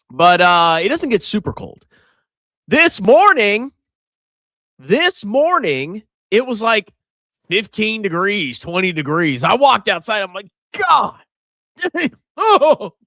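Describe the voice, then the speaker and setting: A middle-aged livestream host from the Virginia coast speaks in a high, sharp voice, recorded cleanly in a studio with no room sound. He's casual, joking and sarcastic, and his voice swings theatrically.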